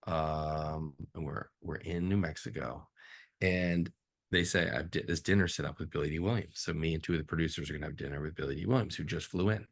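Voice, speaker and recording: Gravelly low-voiced man telling stories. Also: brisk. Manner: animated storyteller, swings up sharply in pitch for incredulous reactions. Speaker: film director guest. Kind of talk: casual storytelling interview.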